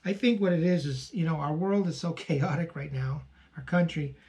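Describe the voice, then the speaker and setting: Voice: medium pitch, normal speed, a little mellow. An online postcard seller hosting a casual unboxing video, chatting and gushing over each card with frequent fillers.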